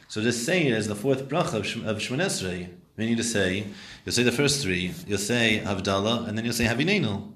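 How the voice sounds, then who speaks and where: Man, lowish voice, Talmud teacher, explains and quizzes the class, echoey room. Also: animated, brisk, hardly any pauses, a bit bright. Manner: explains and translates Hebrew and Aramaic terms, questions his students.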